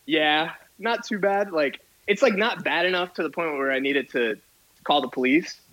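A man's voice: fairly high pitch, normal speed, a little hiss or hum, poor audio. A man, a podcast guest, casually telling an exasperated story and acting out both sides of an argument. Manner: animated, exasperated retelling with quoted dialogue.

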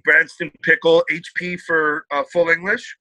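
Man, bright and cutting tone, dry close mic, lively storyteller for a casual podcast. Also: on the high side, measured pace, no echo, low-quality recording. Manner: animated storyteller, puts on voices. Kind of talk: casual chat.

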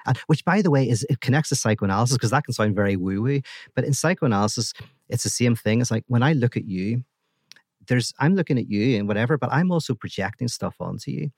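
A man talking as a guest philosopher in a casual podcast conversation, animated and full of restarts. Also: medium pitch, fast talker, no echo, studio quality. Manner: animated storytelling, many restarts.

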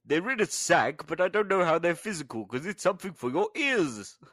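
A man's voice: high voice, very animated, a little fast, fairly bright tone, no room sound, studio quality, full character voice. A man putting on a pompous, vain Santa Claus. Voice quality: boastful, repeats his own titles grandly. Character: pompous self-obsessed male Santa Claus. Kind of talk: comedy podcast character bit.

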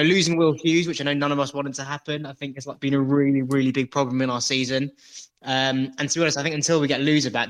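A man talking football in a casual, hesitant, measured way, with many restarts. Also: medium pitch, a bit bright, poor audio.

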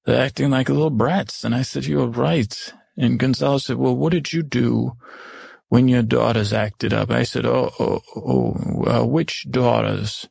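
A man improvising as an older, once-cruel stepmother, telling her story in a rambling, halting way and correcting himself as he goes. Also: medium pitch, steady tone, gravelly, darkish tone, husky, no room sound, clean studio sound, full character voice. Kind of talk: improvised first-person storytelling.

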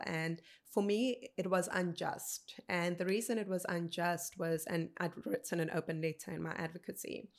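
A woman in her thirties, a podcast guest telling a personal story in an earnest, unhurried way. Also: on the low side, vocal fry. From South Africa. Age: 30s.

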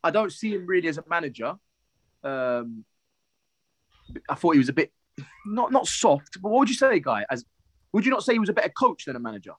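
A man co-hosting a podcast, lively and teasing, laughing with the guest. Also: fairly high pitch, a little fast, pauses often, no echo. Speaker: podcast co-host. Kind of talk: casual podcast chat.

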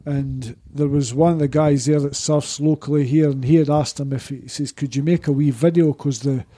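A Scottish man, a podcast guest, telling one rambling, excited anecdote after another in casual chat. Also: a little high, fairly quick, a little hiss or hum.

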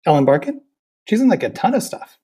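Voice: medium pitch, sing-song, fairly quick, mellow, slightly rough. A podcast co-host chatting casually about a film, chiming in with quips and laughing. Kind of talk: casual movie chat.

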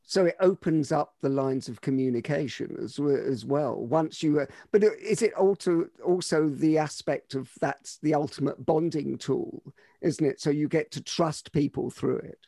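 A man's voice: on the high side, normal speed, creaky, dark tone, no echo, clean studio sound. A man hosting a podcast, asking probing follow-up questions. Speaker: podcast host. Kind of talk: interview questions.

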